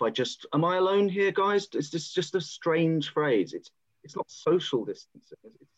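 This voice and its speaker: A British man hosting a podcast panel, voicing opinions in an exasperated, animated way. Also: mid-range voice. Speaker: podcast host. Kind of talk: casual panel discussion. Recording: slightly dull podcast audio.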